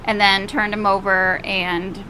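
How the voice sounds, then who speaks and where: A woman with a mid-range voice chats easily through a home cooking step by step. She sounds relaxed and unhurried. A faint hiss of noise sits behind her. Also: mid-range voice, poor audio. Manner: relaxed, chatty, easygoing. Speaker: co-host of a cooking vlog. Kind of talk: casual cooking chat.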